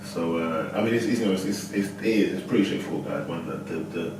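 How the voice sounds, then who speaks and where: Fast-talking man, echoey and distant. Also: low-pitched. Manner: excitable, slangy, full of fillers. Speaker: podcast co-host. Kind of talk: casual chat. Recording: roomy, distant mic with background noise.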